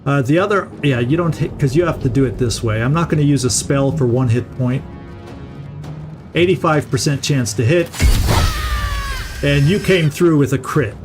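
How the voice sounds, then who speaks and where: Over music, this middle-aged gaming host talks through his let's-play in a mid-range voice at normal speed, leaving long pauses. He chats casually, thinks aloud while playing, and often restarts his words.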